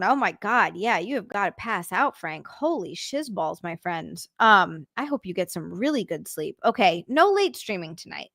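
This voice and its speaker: A woman's voice: mid-range voice, very animated, moderate pace, gravelly, hardly any pauses, fairly bright tone, no echo, clean studio sound. A young adult woman streaming from home, reading viewer comments aloud and chatting back casually with frequent swearing and sympathetic frustration. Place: home room, on a couch.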